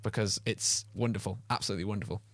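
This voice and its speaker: A man's voice: fairly low pitch, steady tone, fast, fairly bright tone, no room sound. A man co-hosting a podcast, chatting casually in an enthusiastic, rambling way. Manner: enthusiastic, rambling, with frequent restarts. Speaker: podcast co-host. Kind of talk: casual chat.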